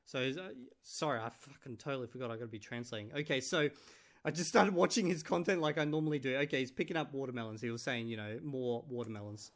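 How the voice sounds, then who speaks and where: A man's voice: medium pitch, lively intonation, quick pace. A man vlogging in casual chat, translating clips aloud with many fillers and restarts. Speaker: vlogger reviewing a language course.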